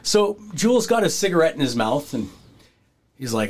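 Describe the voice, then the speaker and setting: A man hosting a podcast, telling a wrestling locker-room story in a casual, animated way and acting out the voices of the people in it. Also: mid-range voice, moderate pace. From Canada. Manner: animated, acts out quoted voices, breaks into laughter.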